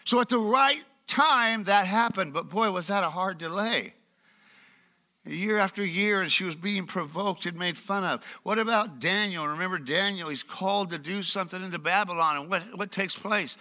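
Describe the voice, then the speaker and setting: A man's voice: sits high, moderate pace, pushed and bright. A middle-aged male pastor preaching a sermon in church, reading scripture aloud and asking the congregation questions.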